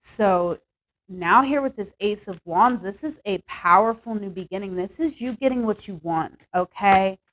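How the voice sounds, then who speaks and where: A woman's voice: medium pitch, normal speed, a bit bright, poor audio. A young woman doing a casual tarot reading, talking chattily and upbeat with lots of "like" and "okay". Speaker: tarot reader.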